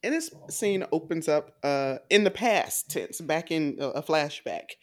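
Woman, Southern US accent, co-host, casual movie chat, rambling, laughing, lively pitch. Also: a little slow. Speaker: film review podcast co-host.

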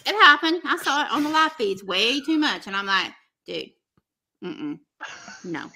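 A woman's voice: high voice, animated, a little fast, sharp tone. A woman hosting a podcast, chatting casually in a rambling, gossipy way full of fillers. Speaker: podcast host.

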